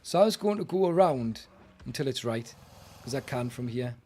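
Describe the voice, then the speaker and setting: A man's voice: medium pitch, expressive, moderate pace, dark tone, slightly rough. A British man streaming a game live, chatting with viewers and grumbling in exasperation. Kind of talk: live gaming commentary.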